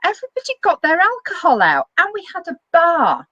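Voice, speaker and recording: A middle-aged woman, hosting a casual chat and telling lively stories with frequent laughter. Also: extremely high pitch, fairly quick, no echo, muffled recording. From northern England. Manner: lively storyteller, laughs often. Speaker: web TV host.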